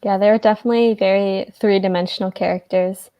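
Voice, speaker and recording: A woman's voice: mid-range voice, steady tone, fast, muffled recording. An American woman talking in a casual online book club, enthusiastic and using frequent um fillers. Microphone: video call.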